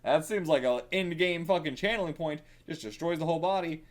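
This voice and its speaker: A man giving casual reaction commentary while reading manga, excitable and thinking aloud, with frequent swearing. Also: on the high side, brisk.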